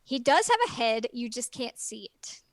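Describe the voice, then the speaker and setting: On a casual podcast, a guest reviewer with a slightly high, very animated voice rambles through a plot recap, packed with ums and other fillers. She speaks at a moderate pace, and the recording is dry and clean, studio quality.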